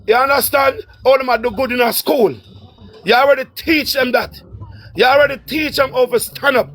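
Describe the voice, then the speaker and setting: A Jamaican man on a livestream, urgently coaxing a friend to calm down, repeating his name. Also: extremely high pitch, normal speed. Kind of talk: pleading livestream talk.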